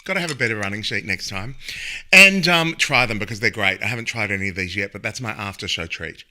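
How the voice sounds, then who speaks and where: A man's voice: fairly low pitch, expressive, fast, bright, forceful tone. A man hosting a cabaret show from home, chatting in a rambling way between plugs and asides. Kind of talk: chatty live-stream banter.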